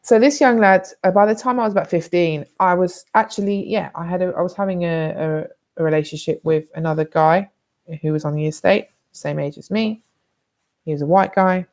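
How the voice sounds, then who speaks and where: A woman's voice: fairly low pitch, brisk, a little mellow. A British woman vlogging, telling a personal story in a candid, blunt, rambling way with some swearing.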